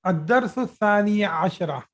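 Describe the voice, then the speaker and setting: A man's voice: high voice, animated, rapid-fire. Man teaching Arabic on a video call. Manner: patient, repeats sentences, many fillers and restarts. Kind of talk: live online grammar lesson. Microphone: computer mic on a video call.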